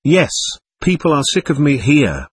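A man's voice: on the high side, sing-song, a little slow, slightly rough, no room sound, full character voice. A man voicing a passionate, anguished young prisoner, speaking fervently and pleadingly.

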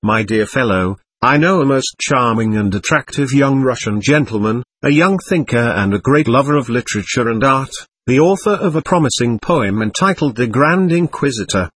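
A man's voice: medium pitch, lively intonation, moderate pace, fairly bright tone, breathy edge, dry recording. A man reading as a sly, mocking male devil who muses ironically and pities himself, in an audiobook of a novel. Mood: teasing. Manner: ironic, theatrical, self-pitying musing.

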